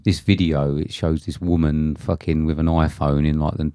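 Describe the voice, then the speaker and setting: A man's voice: rumbling low, level tone, normal speed, mellow, clear, resonant tone, no room sound, studio quality. A man, co-hosting a casual film chat in a jokey, sweary way. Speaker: podcast co-host.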